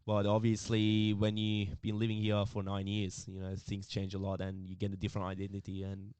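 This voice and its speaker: A man's voice: on the low side, completely flat delivery, fairly quick, darkish tone, smooth, no echo. A man from Iran, co-hosting a podcast in casual chat and laughing often. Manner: laughs often, playful banter. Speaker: podcast co-host. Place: Melbourne.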